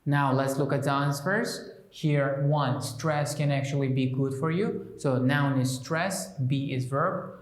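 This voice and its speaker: A man walks through a textbook lesson as a teacher, pausing often with fillers and restarts. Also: mid-range voice, fairly even intonation, echoey room. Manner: hesitant, many restarts and fillers. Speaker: English teacher.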